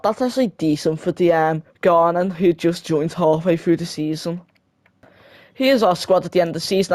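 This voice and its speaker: Young gaming narrator, casual and chatty, mid-pitched voice, dry close recording. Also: darkish tone, no echo. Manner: chatty, self-correcting, quick laughing asides. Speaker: gaming video creator. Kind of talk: casual voice-over of a football game career mode.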